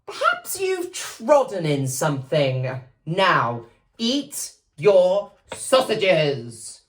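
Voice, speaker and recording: Brisk motherly giant's wife, read by a woman, low pitch, distant mic. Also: huge pitch swings, exaggerated voice. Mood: dismissive. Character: fussy, soothing giant's wife.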